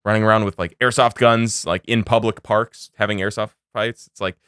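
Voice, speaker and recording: Man, podcast co-host, reflective, low pitch, dry sound, casual chat. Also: fairly even intonation, brisk, a bit bright, clear, resonant tone, no room sound. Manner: reflective, thinks aloud with many fillers. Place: studio.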